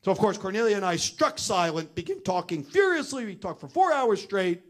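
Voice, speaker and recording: A middle-aged man telling a personal story in front of an audience. He is animated and acts out the other people's voices, speaking fairly high with a lively, swinging pitch. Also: fairly quick. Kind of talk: storytelling talk.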